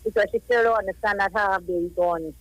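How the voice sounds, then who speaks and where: A woman in her thirties with a Trinidadian accent phones in to a live radio show, grieving as she rambles emotionally at length about her young cousin who died. Her medium-pitched voice is steady in tone and quick, heard over a dry, rough telephone line.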